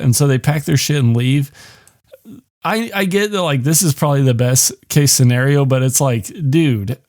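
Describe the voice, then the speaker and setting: A man's voice: medium pitch, normal speed, a little mellow. A man hosting a podcast, recapping a film in a casual, rambling and sarcastic way, swearing freely. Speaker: podcast host.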